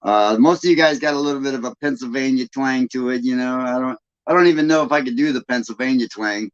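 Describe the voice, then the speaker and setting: Southern-accented male host, mid-pitched, easygoing rambler, muffled lo-fi mic. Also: quick pace, clean tone. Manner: rambling, chuckling. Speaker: live stream host. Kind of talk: casual storytelling chat.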